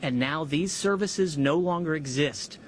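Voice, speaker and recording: Measured American official, faint room noise. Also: male voice, fairly high pitch. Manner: measured and deliberate, pausing for emphasis. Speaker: government official at a press conference. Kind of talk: formal prepared statement.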